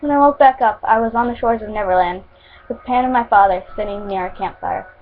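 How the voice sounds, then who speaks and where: A woman's voice: a little high, brisk. A woman reading her own fan fiction aloud at home, stumbling now and then and restarting words. The recording sounds tinny and phone-like. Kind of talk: homemade story reading.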